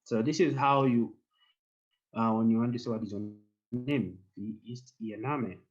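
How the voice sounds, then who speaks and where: Slow, patient man teaching online. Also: medium pitch, highs cut off. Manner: patient, repeats phrases slowly for learners to echo. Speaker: language teacher. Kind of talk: online German lesson.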